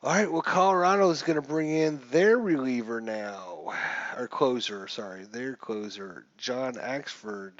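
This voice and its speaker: Slow-talking man narrating his game. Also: medium pitch, dry recording, muffled recording. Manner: chatty, thinks aloud, mutters rules while rolling. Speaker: gamer playing a baseball sim. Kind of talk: casual gameplay commentary.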